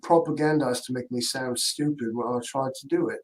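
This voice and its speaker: A man's voice: medium pitch, a little fast. A man in casual podcast banter, joking, who plays at being a bot.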